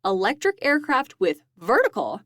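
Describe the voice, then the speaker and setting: A woman's voice: fairly high pitch, wildly swooping pitch, moderate pace, fairly bright tone, no room sound, clean studio sound. A woman co-hosting a lab podcast, reading short semi-scripted segments with an upbeat manner and easy asides. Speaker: podcast co-host.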